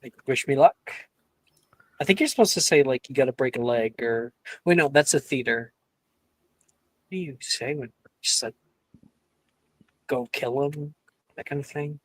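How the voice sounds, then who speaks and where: Man, rambling, playful in-character talk, mid-pitched voice, dry close sound. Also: expressive, moderate pace, a bit bright, no echo. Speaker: tabletop game player. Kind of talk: in-character role-play.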